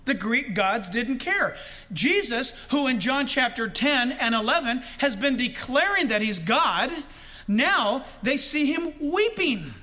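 A man preaching a sermon, pressing his points with rising emphasis and slowing right down on key words. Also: extremely high pitch, big pitch swings, pushed and bright. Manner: preaching with rising emphasis and slow, drawn-out stresses. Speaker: pastor.

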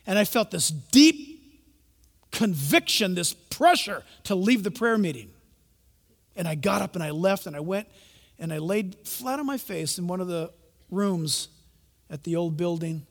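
A man with a high-pitched voice delivers a sermon in a large church hall. He moves between hushed storytelling and sudden loud calls to the congregation. Long reverb hangs on every phrase. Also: animated, moderate pace. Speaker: pastor.

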